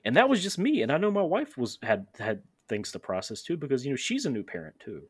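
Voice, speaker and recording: A man's voice: mid-range voice, big pitch swings, quick pace, breathy edge, dry recording. A man hosting a casual podcast conversation, telling candid, self-deprecating stories. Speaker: podcast host.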